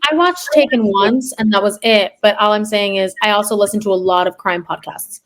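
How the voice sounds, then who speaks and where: A woman's voice: medium pitch, brisk. Podcast guest, female, casual storyteller; lots of "like", acts out her own lines. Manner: animated storyteller, filler-heavy, quotes herself. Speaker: guest, third grade teacher. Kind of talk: casual chat, personal storytelling.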